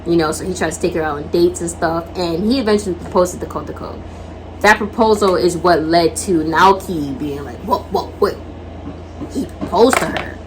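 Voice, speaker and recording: A woman's voice: lowish voice, fairly quick, a little hiss or hum, rough recording. A woman co-hosting a casual talk, retelling a story and acting out the characters' lines. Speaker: podcast co-host. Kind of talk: casual anime discussion.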